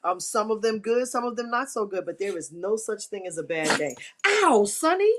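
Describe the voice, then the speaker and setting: A woman's voice: mid-range voice, brisk, background noise. A middle-aged woman hosting a live stream, giving emphatic, repetitive, churchy encouragement. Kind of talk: inspirational live-stream talk.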